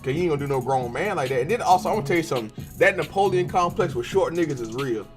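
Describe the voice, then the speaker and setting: A young man hosting a podcast, telling profane and animated stories in a casual monologue while he draws. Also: a little high, very fast, over music. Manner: profane, animated storytelling with slangy cussing. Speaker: podcast host.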